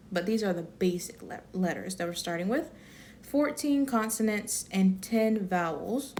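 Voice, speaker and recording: A woman's voice: medium pitch, darkish tone, slight background noise. A woman giving a casual online language lesson, chatty and rambling, often correcting herself and laughing. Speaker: Korean language teacher.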